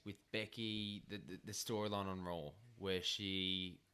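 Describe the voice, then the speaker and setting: Bright-voiced Australian man, halting chat. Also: low voice, level tone, clear, resonant tone. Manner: halting, many fillers and restarts. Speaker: podcast co-host. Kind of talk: casual chat.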